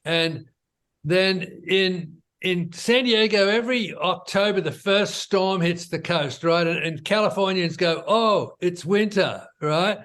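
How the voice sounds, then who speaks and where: A man, a business founder, telling his story in a relaxed, conversational interview, often tossing in "you know" and "right?". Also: high-pitched, measured pace.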